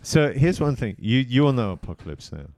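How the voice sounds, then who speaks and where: A man co-hosting a podcast, telling stories in an excitable, rambling way with lots of restarts. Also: medium pitch, a little fast, dry recording, studio quality. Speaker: podcast co-host. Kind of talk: casual chat.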